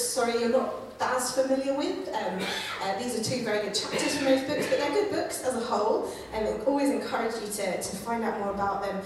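A woman's voice: mid-range voice, distant mic, background noise. Woman preaching in an echoey church. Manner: conversational, with many fillers and acted-out quotes. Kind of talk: sermon. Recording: echoey room, voice from afar.

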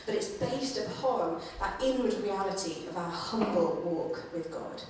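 A woman giving a conversational sermon, with many fillers and lively acted-out quotes. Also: mid-range voice, unhurried, recorded from a distance, a little hiss or hum. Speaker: preacher. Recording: echoey room, voice from afar.

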